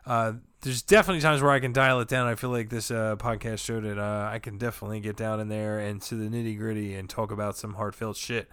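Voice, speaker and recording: A man, a comedian guest, loudly riffing and joking in casual podcast banter, swearing freely. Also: lowish voice, little pitch movement, quick pace, few pauses, clear, resonant tone, dry recording.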